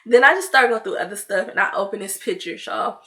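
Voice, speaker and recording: Chatty young woman with a bright voice. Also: medium pitch, brisk. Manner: chatty, loose, peppered with "like" and "you know"; animated when mimicking herself in dialogue. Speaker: vlogger. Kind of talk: casual storytime chat.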